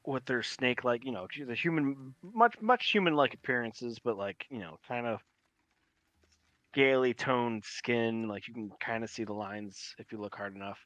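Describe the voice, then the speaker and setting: Male game master, bright tone, rambling narration. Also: medium pitch, normal speed, no echo. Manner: rambling, filler-heavy narration.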